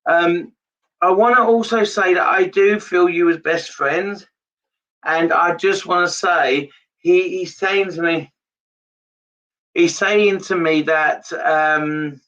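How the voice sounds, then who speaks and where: A man's voice: sits high, fairly even intonation, takes it slowly, pushed and bright, recorded from a distance, dull audio. A man giving a live psychic reading, earnest and repetitive in his phrasing. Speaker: medium.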